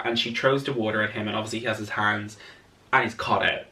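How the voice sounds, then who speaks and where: A man's voice: fairly low pitch, steady tone, quick pace, pushed and bright, recorded from a distance. A man chatting casually through a film analysis vlog, rambling with lots of filler words, recorded indoors late at night. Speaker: video essayist.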